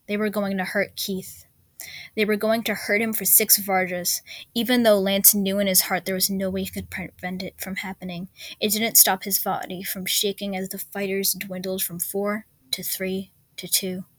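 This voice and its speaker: A woman reading a story aloud in steady narration, with occasional slips. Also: mid-range voice, no room sound. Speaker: story reader. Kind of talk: reading fan fiction aloud.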